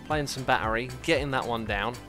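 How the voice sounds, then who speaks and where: A man's voice: mid-range voice, a little fast, soft background music. A man hosting a game livestream, chatting casually in a rambling, jokey way with lots of fillers. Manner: excitable outbursts, playful and jokey. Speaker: livestream host playing a game. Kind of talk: casual gaming commentary.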